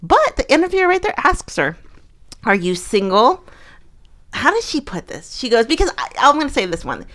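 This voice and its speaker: A woman's voice: high-pitched, wildly swooping pitch, quick pace, hardly any pauses, fairly bright tone. A young woman co-hosting a casual chat, rambling along with many fillers and restarts. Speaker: co-host of a fan channel.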